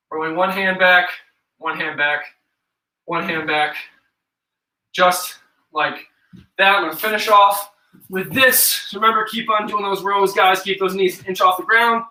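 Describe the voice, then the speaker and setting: Young upstate New York man, fitness instructor, high bright voice, echoey room, mic set back. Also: distant mic. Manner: casual, chatty, counts reps aloud. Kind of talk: live follow-along workout instruction.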